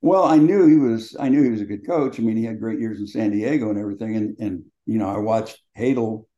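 An older man in his seventies speaks with a low, warm, mellow voice. He tells colorful, salty stories from his playing days as an interview guest. The sound is dull and lo-fi. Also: fast talker. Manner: colorful, profane, laughing anecdotes. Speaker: guest, former quarterback. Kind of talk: storytelling in casual conversation.

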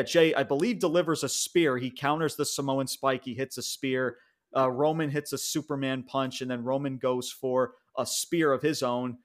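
Excited man recapping wrestling casually. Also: medium pitch. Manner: excited, rambling with restarts and mild swearing. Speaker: podcast co-host.

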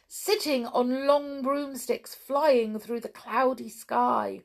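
A woman reading a children's story aloud in a slow, expressive way. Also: high-pitched, creaky.

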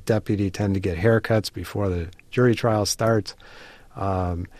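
A man being interviewed on radio as an author, speaking in a measured way with frequent fillers. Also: low voice, darkish tone, no echo. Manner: measured, hesitant with many fillers. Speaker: author and guest.

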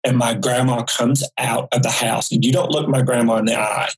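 A man's voice: medium pitch, steady tone, fairly quick, poor audio. A man from rural North Carolina, a guest on an interview podcast who tells vivid, folksy stories in a casual way. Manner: folksy, vivid anecdotal storyteller. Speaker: guest psychic. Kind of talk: casual storytelling.

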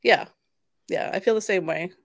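A woman's voice: fairly low pitch, normal speed, creaky. A woman co-hosting a casual podcast, trading crude, teasing wisecracks. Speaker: podcast co-host.

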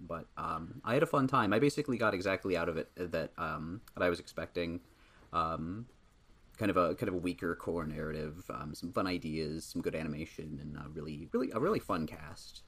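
A young man with a very deep, husky voice gives his take on a podcast. His pitch is lively, and his humor is dry and teasing. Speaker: podcast co-host. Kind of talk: casual podcast chat.

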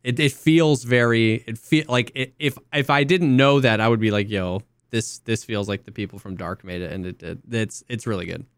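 A man co-hosting a podcast, talking in a relaxed, rambling way with lots of restarts and fillers. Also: mid-range voice, normal speed, few pauses, smooth, dry recording, studio quality. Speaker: podcast co-host. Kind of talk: casual chat.

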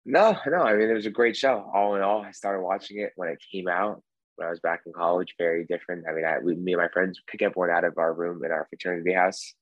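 A man's voice: low voice, flat delivery, fast, dry recording, dull audio. A man from the United States, a guest on a podcast, chatting in an easygoing, rambling way. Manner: easygoing, rambling, filler-heavy. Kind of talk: casual podcast chat.

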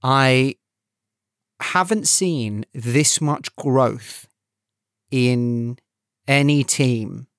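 A man co-hosting a casual football podcast, halting and searching for words as he talks. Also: medium pitch, no room sound, studio quality. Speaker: podcast co-host.

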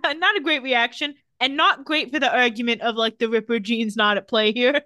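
A young adult woman with a slightly high voice co-hosts a podcast, talking a little fast in a clean, dry studio recording. She recaps a TV episode in casual chat, animated and acting out the characters' lines along the way.

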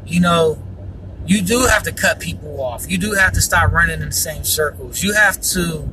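A man hosting his faith podcast speaks at a moderate pace in a voice on the high side, heard from a distant mic amid noise. He's earnest yet meandering, leaning on fillers and yawning frequently.

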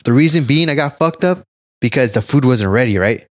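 Male podcast co-host with an animated delivery and loose, profane stories. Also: mid-range voice, a little fast, dry recording, clean studio sound. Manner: animated storyteller, swears a lot, acts out his stories. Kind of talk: casual chat.

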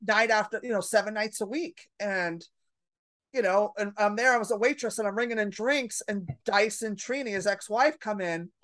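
Animated woman comic telling stories. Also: mid-range voice, moderate pace. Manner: animated, acts out her own panicked thoughts. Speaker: stand-up comedian, guest. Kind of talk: casual storytelling chat.

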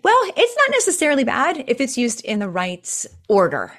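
Woman, coach, lively storyteller; jumps high when quoting others, conversational interview. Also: normal speed. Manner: animated storyteller, acts out quotes with big pitch jumps. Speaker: presentation coach, guest. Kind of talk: casual interview chat.

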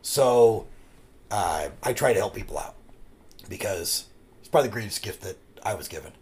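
A man co-hosting a casual podcast chat, rambling through a personal story and swearing freely. His pitch swings up and down a lot as he tells it. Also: lively intonation, moderate pace, darkish tone. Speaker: podcast co-host.

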